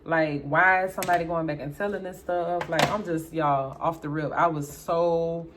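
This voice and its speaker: Brief: young woman vlogger, chatty storyteller, voices both sides of a talk, jumps high for exclaims, faint room noise. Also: normal speed. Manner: animated, acts out both sides of a dialogue, jumps high for her own exclaims. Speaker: beauty vlogger. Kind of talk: casual storytelling while doing makeup.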